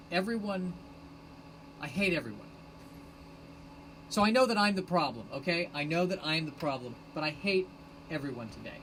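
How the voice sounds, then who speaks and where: A man hosting a rambling solo live stream on his phone, sarcastic and self-mocking, bursting into shouted rants. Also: fairly high pitch, very animated, moderate pace, pauses often, very noisy. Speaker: podcast host streaming live.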